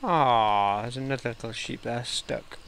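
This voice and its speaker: A man giving chatty let's play commentary as he plays, thinking aloud and getting easily excited. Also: mid-range voice, measured pace, vocal fry, slight background noise. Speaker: gamer.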